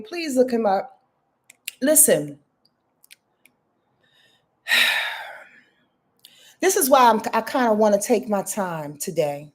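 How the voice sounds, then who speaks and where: A woman's voice: medium pitch, expressive, measured pace, long pauses, darkish tone. Heartfelt rambling woman in her fifties. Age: 50s. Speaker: astrologer hosting a live reading. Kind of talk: casual live talk.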